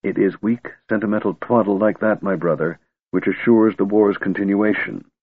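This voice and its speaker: A man's voice: lowish voice, moderate pace, slightly rough, dry recording. Male reader doing an aloof, contemptuous wizard for an audiobook, dry and thin-sounding. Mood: cold, sardonic. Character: cold sardonic male mage, commanding. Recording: tinny narrow-band recording.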